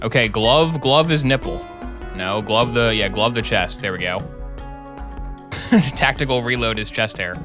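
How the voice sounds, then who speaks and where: A man's voice: on the low side, moderate pace, over music. A man streaming a game, reading its text aloud with chatty, sarcastic commentary. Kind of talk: casual gameplay commentary.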